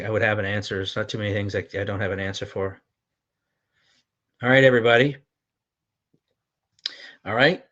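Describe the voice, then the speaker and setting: Male host pitching his own product live to viewers; hyped, pushy closer with a sharp, bright voice at an average pitch. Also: highs cut off. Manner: pushy, hyped salesman patter with mild swearing. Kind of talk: live-streamed sales pitch answering viewer chat.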